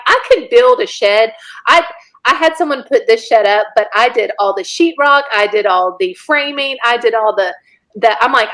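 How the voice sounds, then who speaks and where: Lively woman in her forties telling stories. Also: fairly high pitch, poor audio. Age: 40s. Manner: animated, laughing, acts out quotes. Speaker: podcast guest. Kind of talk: casual storytelling chat.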